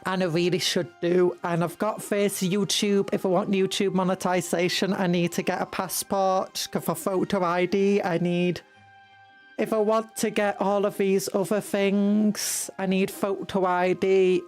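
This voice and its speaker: A woman's voice: on the low side, a little mellow. A British woman streamer chatting casually, rambling and giggling in a playful way. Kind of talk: casual livestream chat.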